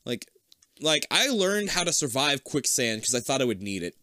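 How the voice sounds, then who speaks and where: A man in his thirties chats loosely as a podcast co-host, his pitch bouncing all over as he rambles and swears. The sound is dry and close, with no room around it. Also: big pitch swings, moderate pace, sharp tone, no room sound. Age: 30s. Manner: rambling, swears a lot, laughs often. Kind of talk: casual chat recapping a cartoon.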